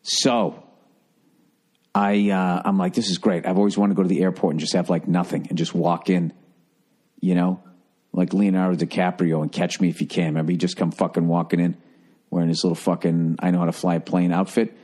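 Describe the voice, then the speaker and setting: A man's voice: deep voice, level tone, a little fast, warm tone. A man hosting a comedy podcast, telling a rambling, profane story in a casual monologue. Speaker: podcast host.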